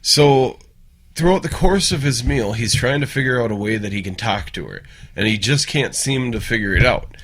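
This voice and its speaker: A man talks loosely and bluntly on a podcast, swearing freely and winding his way into jokes. His voice sits at a middling pitch for a man. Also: animated, moderate pace, a bit bright. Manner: blunt and profane, telling jokes. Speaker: podcast co-host. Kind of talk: casual chat.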